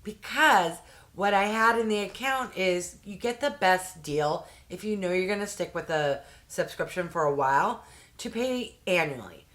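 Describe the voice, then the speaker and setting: A woman's voice: lowish voice, animated, a little slow, a bit bright. A woman reviewing a beauty subscription box in a casual unboxing vlog, chatty and full of "like" and "um", with a heated, exasperated way of ranting. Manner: chatty, uses fillers like "like" and "um".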